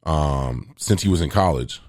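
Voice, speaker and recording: A man's voice: a bass voice, animated, unhurried, a little mellow, no room sound, studio quality. A man hosting a sports talk show, casually rambling through football analysis with slang and restarts. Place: home near an air base, planes heard.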